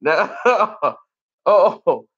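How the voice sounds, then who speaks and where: Slow-talking animated movie reviewer man. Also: breathy edge, lo-fi sound. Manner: animated, laughs often, acts out scenes in high squeals.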